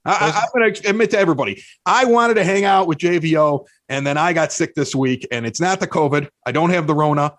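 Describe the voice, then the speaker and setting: This podcast guest, a man with a Chicago accent, tells animated stories at his own expense in casual chat, often restarting sentences. His voice is a little high, he talks fast with few pauses, and there's no echo.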